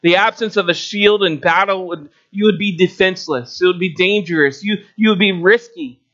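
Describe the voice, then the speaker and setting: A man preaching a sermon, telling a story with rising and falling delivery. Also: fairly bright tone. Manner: storytelling with shifting pitch and pauses. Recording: dull lo-fi recording.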